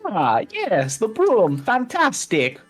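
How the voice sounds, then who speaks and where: A man's voice: sits high, wildly swooping pitch, slow pace, husky, faint music behind, voice pushed up, exaggerated voice. A man voicing an eerie, cheerful male toymaker with sing-song salesman patter and broken phrasing.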